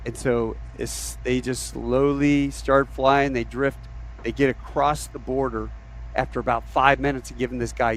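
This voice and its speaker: A man spinning a long flying tale on a casual podcast, bouncing between narration and quoted voices. His pitch sits in the middle range. A faint hum of noise runs underneath. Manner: animated storyteller, acts out quotes. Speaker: podcast host. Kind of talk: casual storytelling.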